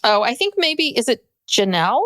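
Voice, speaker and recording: A woman's voice: a little high, very animated, normal speed, fairly bright tone, no room sound. A woman co-hosting a podcast, recapping a reality show in casual chat, blunt and exasperated, swearing and acting out quotes in mocking voices. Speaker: podcast co-host.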